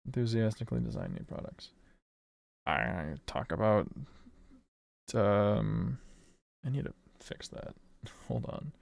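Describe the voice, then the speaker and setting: A man's voice: lowish voice, expressive, takes it slowly, gravelly, long pauses, darkish tone, no room sound. A man streaming casually while he works, thinking aloud in a rambling way that corrects itself, swearing and laughing often.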